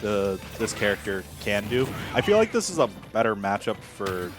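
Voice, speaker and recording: A man commentating a fighting-game tournament live, his pitch bouncing all over the place as he reacts. He talks loosely and rambles, with lots of fillers and restarts. Clear background music plays under his voice. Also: big pitch swings, moderate pace. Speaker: esports commentator. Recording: music playing behind.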